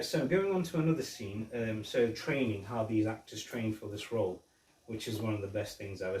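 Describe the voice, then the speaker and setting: A man hosts a casual film review podcast, retelling scenes in a rambling way with frequent restarts. His voice is medium-pitched and warm, recorded in a roomy space with the mic at a distance.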